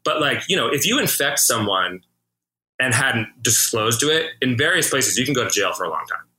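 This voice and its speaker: A man comedian hosting a podcast, talking openly in a halting way with many restarts. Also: mid-range voice, sing-song, bright, forceful tone, low-quality recording. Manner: halting, full of restarts and fillers. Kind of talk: casual podcast chat.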